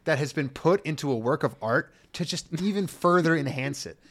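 A man's voice: a little high, lively intonation, brisk, a bit bright. A man co-hosting a comedy podcast, swearing and emphatic, often laughing while he talks. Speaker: podcast co-host. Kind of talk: casual comedic chat.

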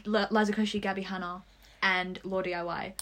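A young woman co-hosting a podcast, telling stories excitedly and swearing casually. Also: medium pitch, a little fast. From Australia. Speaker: podcast co-host. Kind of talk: casual chat.

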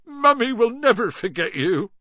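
A man voicing a huge, soft-hearted male gamekeeper who talks gruffly and gets tearful. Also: medium pitch, expressive, moderate pace, no room sound, muffled recording. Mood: sobbing.

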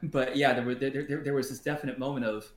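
A man's voice: medium pitch, little pitch movement, a little hiss or hum. Stumbling, roomy-sounding male podcaster. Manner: halting, many restarts and stumbles; swears freely, laughs often. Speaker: podcast co-host. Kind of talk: casual chat.

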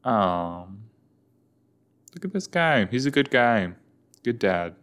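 A man's voice: on the low side, very animated, slow pace, a bit bright, smooth. A man chatting casually and joking as he reacts to a show, with many fillers. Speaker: reaction video host.

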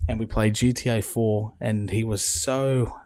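A man in his young adult years chats on a podcast, his voice a little low. He tells stories with lively swearing. The sound is close and dry, with no room around it. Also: unhurried, no room sound. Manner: profane, animated storyteller. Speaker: podcast co-host. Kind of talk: casual chat. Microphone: podcast mic.

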